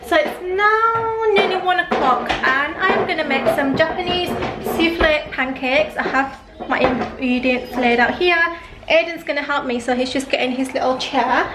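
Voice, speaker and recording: A woman's voice: high-pitched, moderate pace, loud music behind the voice. A woman cooking in her home kitchen, chatting casually to the camera as she goes. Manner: chatty, relaxed, often says um and like. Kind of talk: casual chat.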